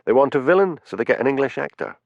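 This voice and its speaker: A man voicing a calm, dry-witted village policeman in an audiobook. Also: medium pitch, quick pace, vocal fry, dry recording, lo-fi sound, voice pushed up. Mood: inquiring.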